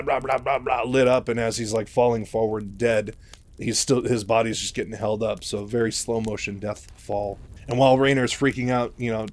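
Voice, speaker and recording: A man's voice: fairly low pitch, darkish tone. A man casually retelling a novel's plot in a chatty, loose way, full of fillers. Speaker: story retelling host.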